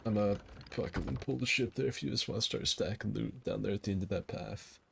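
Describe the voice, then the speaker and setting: Deep-voiced man bantering over gameplay. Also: a little fast, vocal fry, a bit bright, breathy edge. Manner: joking, swearing, rambling banter. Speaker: gaming channel host. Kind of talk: casual gameplay chat with friends.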